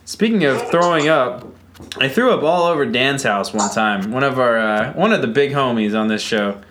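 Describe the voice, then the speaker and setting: A young man hosting a podcast, telling stories in casual, profane, animated chat. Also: medium pitch, normal speed, a little hiss or hum. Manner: loose, profane, animated storytelling. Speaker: podcast host.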